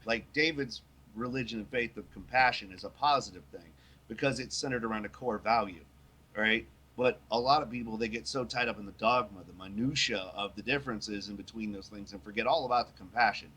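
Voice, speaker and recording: A man's voice: fairly low pitch, fairly quick, sharp tone, slightly rough. A man hosting a casual podcast, talking bluntly and with profanity, acting out little voices when he tells a story. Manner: blunt, profane, acts out voices in his stories. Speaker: podcast host.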